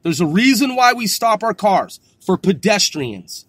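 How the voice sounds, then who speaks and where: A man with an unusually high, bright voice delivers a heated, sarcastic podcast rant full of swearing. He speaks from his car, and the sound is dry and close. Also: big pitch swings, a little slow, slightly rough, no room sound. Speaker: podcast host. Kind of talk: profane ranting monologue.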